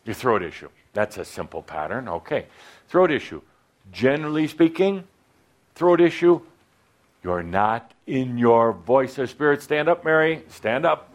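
A man's voice: medium pitch, sing-song, a little slow. A man leading a live workshop for an audience, speaking into a microphone in a playful, teasing, coaching way. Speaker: workshop leader. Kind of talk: live seminar talk to an audience. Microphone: handheld or clip-on microphone.

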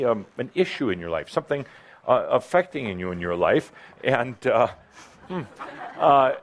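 A man coaching a live workshop audience, his voice swooping up and down with animated pitch. He speaks into a microphone and teases and coaxes the people in the room in a playful way. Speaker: workshop leader. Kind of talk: live seminar talk to an audience. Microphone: handheld or clip-on microphone.

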